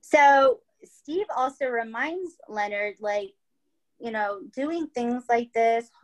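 A woman hosting a podcast tells a true-crime story in a loose, chatty style, swearing freely and frequently asking "right?" and "okay?". Her fairly high voice has lively intonation and a slow pace, and the recording is rough.

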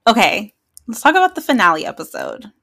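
Bright, excitable woman podcast host. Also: mid-range voice, fast, gravelly, slight background noise. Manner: excitable, gushing, laughs often. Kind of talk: casual chat.

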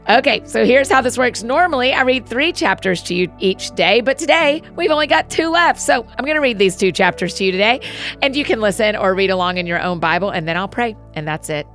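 A woman hosting a daily Bible-reading podcast, reading scripture aloud in an earnest, steady way. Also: on the high side, brisk, faint music behind.

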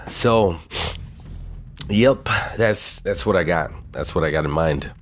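A man's voice: sits low, slow pace, a little hiss or hum. A man hosting his own podcast in a casual, rambling, boastful and profane way, with a Southern US twang. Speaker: podcast host. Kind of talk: casual solo podcast talk.

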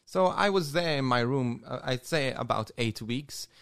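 A priest telling his own story in an interview, emotional and halting, often repeating words. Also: medium pitch, lively intonation, vocal fry, fairly bright tone, smooth, dry recording, studio quality. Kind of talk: personal testimony in an interview.

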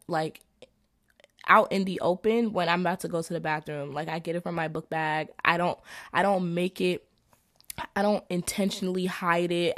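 A young woman, a college student reading through her notes in an animated, profane, exasperated rant. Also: fairly low pitch. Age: young adult.

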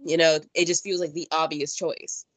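A woman in casual conversation, animated, slipping into playful voices when she quotes someone. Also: low voice, moderate pace, low-quality recording. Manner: animated, jumps into mock voices when quoting. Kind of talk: casual chat.

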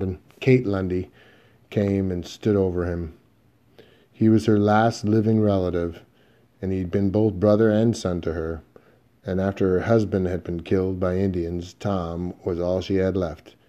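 A male audiobook narrator tells a western in the first person, steady and measured. His voice is low, dark and mellow, and the sound is lo-fi.

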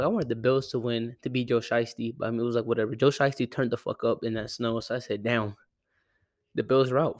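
A young man from Arizona, a sports podcaster, rambles through a casual, profane sports rant in a room at home with a cat, often correcting himself. His mid-range voice is captured on a close desk mic, studio quality with no echo.

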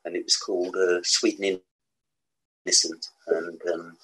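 Older midlands bloke, low husky voice, rambly storytelling. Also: male voice, little pitch movement, a little slow, fairly bright tone, low-quality recording. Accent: West Midlands English. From England. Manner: rambling anecdotes with laughs and restarts. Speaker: interview guest, musician. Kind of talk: casual storytelling.

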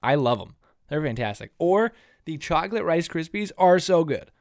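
A man's voice: fairly high pitch, animated, moderate pace, dry recording. Young male podcast co-host, laid-back rambling chat, dry close mic. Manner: easygoing, rambling with restarts. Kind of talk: casual podcast banter.

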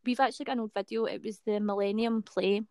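A woman's voice: medium pitch, fairly even intonation, fast talker, darkish tone, no room sound, clean studio sound. A young woman with a Scottish accent, chatting casually with plenty of fillers. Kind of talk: casual chat.

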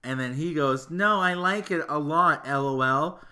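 A man's voice: fairly high pitch, moderate pace. A man co-hosting a casual podcast chat, ranting animatedly with plenty of swearing. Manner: animated, profane ranting with laughter. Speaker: podcast co-host.

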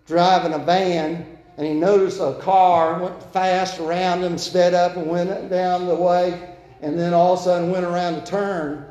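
Male pastor, earnest sermon delivery, loud urging to soft pleading, slightly high voice, roomy church echo. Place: church sanctuary. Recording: echoey church room.

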